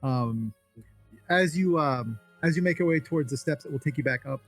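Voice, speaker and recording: A man running a tabletop game as game master, narrating in a halting way with many fillers. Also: fairly high pitch, faint music behind.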